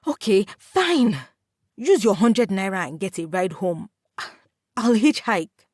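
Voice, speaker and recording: A woman's voice: on the low side, slow, no echo, clean studio sound. A woman voicing an apologetic young man who pleads and makes excuses to his older brother. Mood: defensive. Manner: pleading, defensive.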